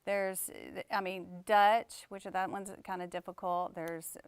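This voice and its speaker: A woman with a Texan accent hosting an interview, upbeat and gushing. Her voice is smooth and clear. The recording is dry and close, with no room echo. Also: medium pitch, little pitch movement, slow pace. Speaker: host. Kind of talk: casual interview chat.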